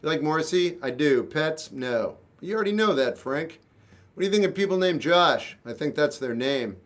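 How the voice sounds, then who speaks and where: Blunt deadpan man in his fifties. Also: on the high side, moderate pace. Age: 50s. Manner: blunt, deadpan one-word answers. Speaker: musician answering live chat questions. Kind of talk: casual live-stream chat.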